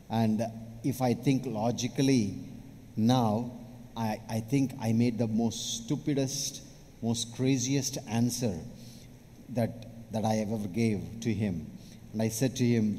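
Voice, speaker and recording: A man's voice: lowish voice, steady tone, unhurried, mellow. A man preaching, telling a story from his own life in a plain storytelling way. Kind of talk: testimony in a sermon. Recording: hall reverb, faint background noise.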